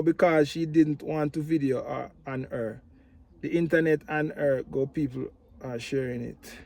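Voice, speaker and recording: Animated Jamaican man, fairly high voice. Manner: animated, opinionated, repeats "you know what I mean". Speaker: tour operator vlogger. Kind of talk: casual vlog commentary.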